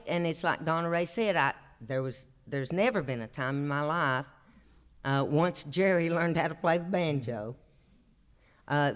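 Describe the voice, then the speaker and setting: Appalachian storyteller in his sixties, slightly high, smooth voice, drawling homespun delivery on stage. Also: a bit bright. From Appalachian North Carolina. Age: 60s. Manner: drawling, homespun, chuckles through his stories. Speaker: traditional singer and storyteller. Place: opera house stage, live show.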